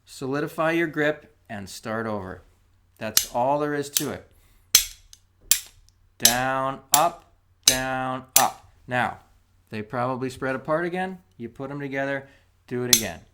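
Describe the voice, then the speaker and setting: A man gives a music lesson on video, patiently going step by step and counting beats aloud while demonstrating. His medium-pitched voice is animated and at normal speed. The recording is very noisy, with spoons clicking in the background.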